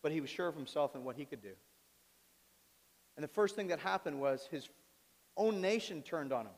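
Male pastor with a fairly high voice, dramatic sermon delivery, large echoing sanctuary. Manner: dramatic, swings from soft asides to loud pleading. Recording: long reverb of a large hall.

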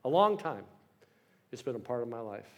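A man's voice: medium pitch, big pitch swings, normal speed, a bit bright. A man in his sixties preaching a sermon with storytelling and self-deprecating humor. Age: 60s. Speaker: pastor.

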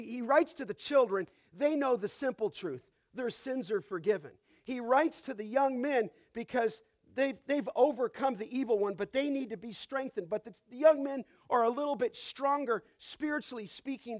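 A man preaching an expository sermon as pastor, explaining the text step by step and asking the congregation questions. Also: sits high.

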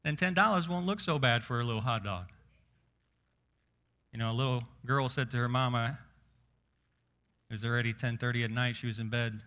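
A man preaching a sermon. He slows down on key words and keeps asking his listeners questions. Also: medium pitch, pushed and bright. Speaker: pastor.

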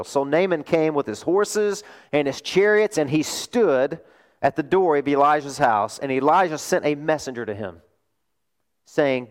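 Animated male preacher. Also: on the high side, measured pace. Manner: animated storytelling, rhetorical questions. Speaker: pastor. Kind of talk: sermon.

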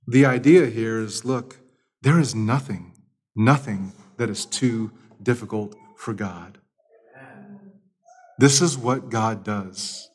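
A man's voice: on the low side, slow, pauses often, breathy edge. A man preaching a sermon, explaining scripture and telling stories with acted-out voices. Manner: storytelling, acts out voices in anecdotes. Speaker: pastor.

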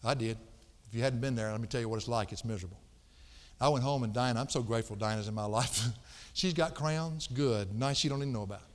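A middle-aged man delivers a homespun sermon in an ordinary mid-pitched voice. He swings from loud, emphatic bursts to quiet, confiding asides. His words ring out with a long echo, as if in a large church hall. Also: fast. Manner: folksy, emphatic preaching that swings between loud outbursts and hushed asides. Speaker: pastor.

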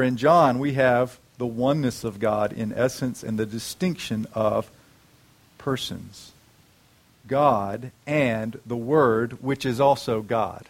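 A man preaching a sermon, asking the congregation questions and slowing down to stress key words. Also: fairly high pitch.

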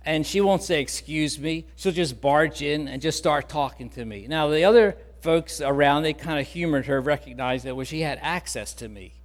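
A man pastor preaching a sermon in an earnest, conversational way, softening on key words. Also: on the high side, moderate pace, hardly any pauses, big-room sound.

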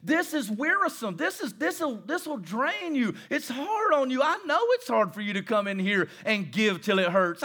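High-voiced preacher swinging from hush to shout. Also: male voice, moderate pace, hardly any pauses. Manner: animated, swings between soft asides and shouting; acts out listeners' voices and jokes with the crowd. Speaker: pastor. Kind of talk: sermon.

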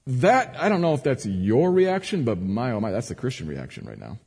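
A man preaching a sermon as a pastor, moving between quiet earnest teaching and raised, emphatic cries. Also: medium pitch, very animated, fairly quick, husky. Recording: long hall reverb.

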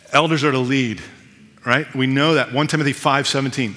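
Bright-voiced man preaching a sermon. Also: medium pitch, fairly quick, big-room sound. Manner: conversational preaching with self-deprecating asides. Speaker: pastor.

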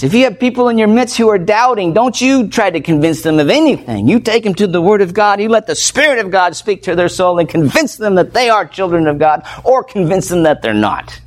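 A man preaching an expository sermon as pastor, emphatic, asking the congregation rhetorical questions and swinging between loud declarations and hushed passages. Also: fairly high pitch.

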